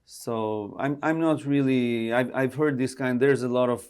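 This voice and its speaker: A man's voice: medium pitch, a little slow, a little mellow, smooth. A man from Albania with an Albanian accent, chatting as an interview guest, laughing often and restarting his sentences. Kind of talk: casual interview conversation.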